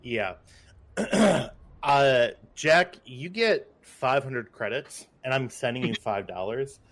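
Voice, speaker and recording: Man, game master, sci-fi tabletop session, casual joking asides, lively swinging pitch. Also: takes it slowly. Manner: loose and joking, trailing off in asides.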